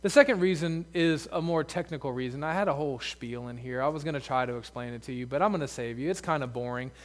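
A man's voice: medium pitch, fast. A male pastor preaching a sermon in a conversational way, full of asides and rhetorical questions.

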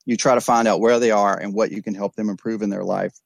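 Earnest low-voiced man telling his recovery. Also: fairly even intonation, fast talker, vocal fry, no room sound. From East Texas. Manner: earnest, reflective, many restarts and stammered repeats. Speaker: addiction counselor and guest. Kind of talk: candid podcast conversation.

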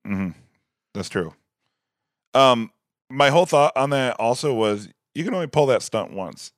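A man co-hosting a podcast in casual chat, laughing often and reacting with animated outbursts. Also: medium pitch, measured pace, no echo, clean studio sound. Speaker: podcast co-host.

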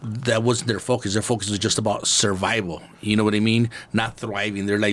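A middle-aged man from East Los Angeles, hosting a casual podcast talk, laid-back and swearing freely as he thinks out loud. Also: lowish voice, little pitch movement, brisk, few pauses. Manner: laid-back and profane, muses aloud. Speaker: podcast host.

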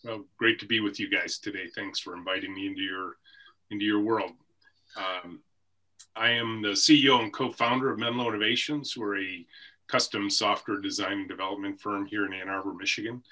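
Brief: middle-aged male CEO guest, reflective storyteller, slightly lower pitch, husky timbre. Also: steady tone, a little fast, bright, forceful tone. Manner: reflective, story-telling, occasional laughs. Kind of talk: conversational podcast interview. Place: office with a team room behind him.

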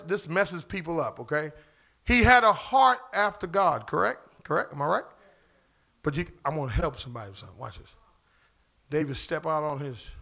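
A man's voice: high voice, bright, forceful tone. A pastor preaching a sermon in church, casual and slangy, asking the congregation questions as he goes. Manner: call-and-response preaching, asks the crowd questions.

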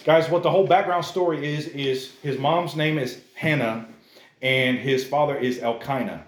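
A man preaching a sermon to a congregation in a conversational, animated way, often calling the listeners "guys". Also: medium pitch, normal speed, echoey room. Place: church service.

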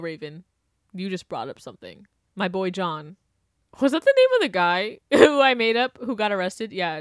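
Her voice is a little high and a bit bright, captured at studio quality with no room sound. This young podcast host rants casually and sarcastically about her opinions, laughing often and breaking into over-the-top outbursts.

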